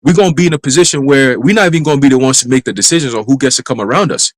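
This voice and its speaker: A man tells a dream as testimony during a church livestream, speaking fast and loose in street slang. He cusses now and then without slowing down. His voice is dry and close, with no room sound around it. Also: mid-range voice, dry recording, poor audio. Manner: brisk storytelling full of street slang and profanity. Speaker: church minister. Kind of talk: casual testimony in a live church stream.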